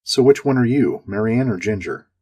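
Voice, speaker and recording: A woman's voice: very deep voice, normal speed, a little mellow, husky, no room sound. A man voicing a giggly shaken spacewoman. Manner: nervous giggling, bitter jokes. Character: shaken, giggly woman astronaut. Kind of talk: audiobook character reading.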